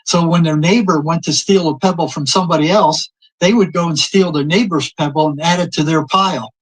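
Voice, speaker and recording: A man's voice: on the high side, steady tone, brisk, poor audio. An older man telling long personal stories in casual conversation, often repeating words and acting out what people said. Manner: rambling anecdotes, repeats words, acts out quoted exchanges. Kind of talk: casual storytelling.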